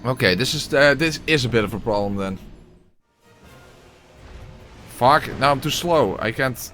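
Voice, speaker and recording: Exclamatory man with a lively voice. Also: medium pitch, brisk, soft background music. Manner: exclamatory, swears, wry asides. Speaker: gameplay commentator. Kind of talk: casual gameplay commentary and voice-over narration.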